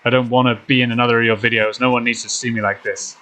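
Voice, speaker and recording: A man voicing a gruff, protective older man with an American Southern accent, loud and drawling, in a game playthrough. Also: medium pitch, level tone, fast, natural voice. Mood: scolding.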